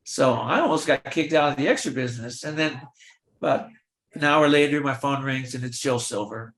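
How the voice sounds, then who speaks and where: Older male guest, mid-range voice, spins lively anecdotes and plays every part in the dialogue himself; roomy, echoey recording. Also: medium pitch, moderate pace, slight background noise. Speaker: guest, veteran film extra. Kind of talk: storytelling in a virtual Q&A. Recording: roomy echo.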